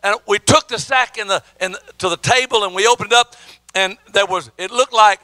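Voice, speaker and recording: A man's voice: high-pitched, fairly quick, bright, forceful tone, dry recording. A middle-aged man, an evangelist, preaching a testimony with emphatic storytelling and many stammered restarts. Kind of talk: sermon testimony.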